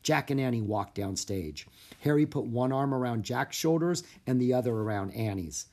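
A narrator reading a children's chapter book aloud with expressive, animated storytelling. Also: medium pitch, normal speed.

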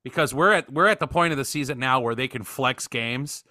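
A man's voice: medium pitch, fairly quick, sharp tone, no room sound, clean studio sound. A young man hosting a podcast, joking and swearing in casual chat. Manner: profane and joking. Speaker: podcast host.

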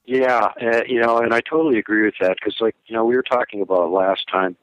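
A man appearing as a podcast guest, explaining his views in a measured, conversational way. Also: fairly low pitch, fairly bright tone, no echo, dull audio. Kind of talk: casual interview chat.

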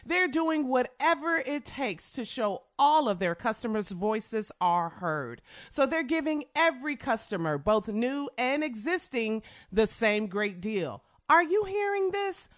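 A woman's voice: on the high side, sing-song, unhurried, few pauses, a bit bright, dry recording, clean studio sound. Chatty woman radio co-host. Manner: chatty, upbeat. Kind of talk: read advertisement.

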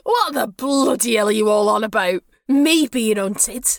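A defiant young captive, as a woman puts him on, snarls and shouts in a high voice. The sound is close and dry, with no room around it. He stays wild and hostile throughout this tabletop scene. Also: animated, unhurried, gravelly, dry recording. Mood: outraged.

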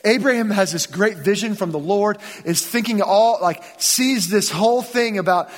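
A pastor delivers a sermon in a church, his voice pitched high for a man and moving at a moderate pace. He retells scripture casually, like a story, voicing biblical characters in modern slang and everyday speech. The sanctuary adds a long reverb to the sound.

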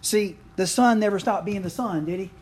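A man's voice: high-pitched, moderate pace, slight background noise. A middle-aged man, preaching a conversational sermon full of asides and questions to the congregation. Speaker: pastor.

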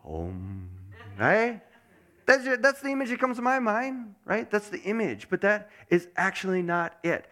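A man preaching a sermon as pastor, asking the congregation many questions and dropping to a soft mutter to show meditation. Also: medium pitch. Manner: animated, asks the congregation lots of questions; drops to a soft mutter when showing meditation.

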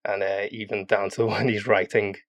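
Low-voiced man in casual podcast chat. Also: dry recording. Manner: rambling, animated with quick voice demos. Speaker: podcast guest.

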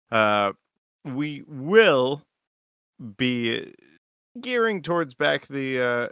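Low smooth-voiced guy cohosting a podcast, joking around, swears a lot, dry close mic. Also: a bit bright, no echo. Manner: loose, joking, profane. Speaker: podcast co-host. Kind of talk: casual chat.

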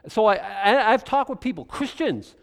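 Male preacher, chatty verse-by-verse teacher, voice sitting a bit high and swinging a lot. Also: normal speed, in a large hall. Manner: animated and conversational, with repeated restarts. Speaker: pastor teaching a Bible study. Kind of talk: sermon-style verse-by-verse teaching.

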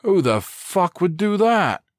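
A man's voice: high-pitched, sing-song, takes it slowly, no echo, studio quality, pitched above the performer's own voice, heavily acted. A man voicing a brash young SWAT officer in his twenties in an audiobook. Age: 20s. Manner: brash, cussing.

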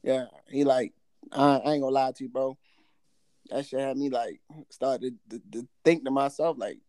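A man's voice: medium pitch, moderate pace, no echo. A man, a comedian, telling stories in casual podcast chat and acting out the people he quotes. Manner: animated storytelling, acts out quotes.

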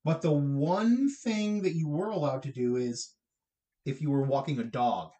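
A man's voice: a little high, normal speed, mellow. A man co-hosting a casual podcast, chatty, laughing often and rambling with restarts. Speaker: podcast co-host. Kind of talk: casual chat.

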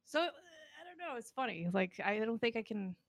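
A woman's voice: on the high side, sing-song, moderate pace, creaky. Giggly rambling young woman streamer. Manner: giggly, rambling, lots of fillers. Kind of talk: casual chat.

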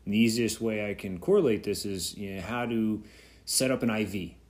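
A man's voice: fairly low pitch, brisk, a little mellow. Reflective man musing on his podcast. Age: 30s. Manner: reflective, rambling with fillers and restarts. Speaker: podcast host. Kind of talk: solo podcast talk.

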